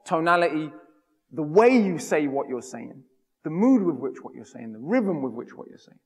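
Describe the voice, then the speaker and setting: A man from the United Kingdom giving a public talk, with a rhythmic, emphatic delivery. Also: a little high. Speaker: speaker. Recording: long hall reverb.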